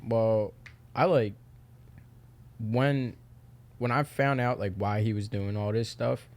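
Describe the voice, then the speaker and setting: A young man with a somewhat low voice talks as a podcast guest. His speech is loose and candid, full of filler and casual swearing. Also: fairly even intonation, slow pace, a little mellow. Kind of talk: casual chat.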